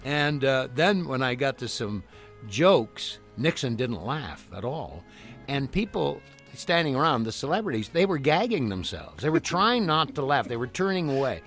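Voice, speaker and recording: Older Canadian man telling animated stories. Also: mid-range voice, moderate pace, faint music behind. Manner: lively, animated storyteller who slips into other voices. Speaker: guest, impressionist and entertainer. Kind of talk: anecdotal storytelling on a radio interview. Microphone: telephone call-in.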